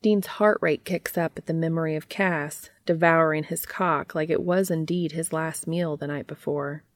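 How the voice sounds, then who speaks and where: A woman narrating a story aloud in a steady, even reading voice. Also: low-pitched, moderate pace.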